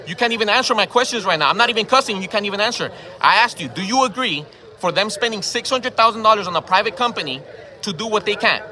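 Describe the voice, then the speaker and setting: A man's voice: high voice, lively intonation, fast talker, bright, forceful tone. A man confronting people in a heated outdoor argument, firing repeated questions and swearing, filmed on his own phone camera. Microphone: phone camera held by the speaker.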